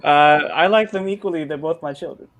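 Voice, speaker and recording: A man's voice: fairly high pitch, brisk, narrow, tinny audio, a crowd in the background. A man in a casual podcast chat, modest and self-deprecating, with hesitant restarts.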